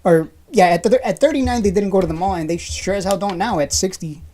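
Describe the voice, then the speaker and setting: A woman in her thirties hosts a casual livestream, reading chat and teasing viewers with profane, joking rants. Her medium-pitched, mellow voice moves at a quick pace, and she laughs often between lines. Slight background noise is audible.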